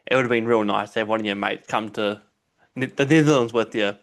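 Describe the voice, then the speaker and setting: A man hosting a casual podcast interview, chatty and quick to laugh along. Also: on the low side, gravelly. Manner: chatty, laughs along, brief encouraging replies. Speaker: podcast host.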